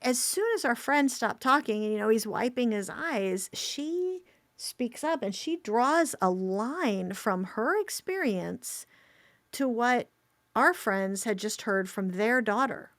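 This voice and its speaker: A woman's voice: fairly high pitch, lively intonation, slow pace, no echo. A middle-aged woman co-hosting a podcast, telling a story earnestly and relaying what a friend said. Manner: earnest, retells a friend's words with feeling. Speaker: podcast co-host. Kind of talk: conversational storytelling.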